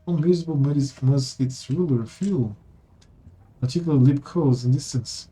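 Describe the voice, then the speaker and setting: Pria bersuara gelap dan serak. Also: male voice, medium pitch, moderate pace, warm tone, slightly rough, rough recording. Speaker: streamer. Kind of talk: reading game text aloud with commentary.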